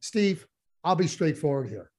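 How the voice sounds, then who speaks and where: A man's voice: on the high side, sing-song, measured pace, a little mellow, husky. A man co-hosting a casual sports chat, talking passionately with lots of restarts and repeated words. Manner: passionate ranting, frequent restarts. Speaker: podcast co-host.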